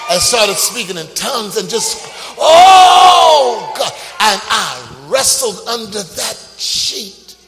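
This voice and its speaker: A man preaching a dramatic testimony, shifting from quiet telling to loud shouting. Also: high-pitched. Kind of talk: sermon storytelling. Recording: reverberant hall with loud ambience.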